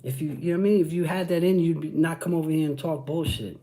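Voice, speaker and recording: He talks fast with few pauses, his fairly high voice mellow, and there's a little hiss or hum on the audio. The man is a Brooklyn channel host with a New York accent, answering livestream chat in hyped, profane street talk and repeating "you know what I'm saying" constantly.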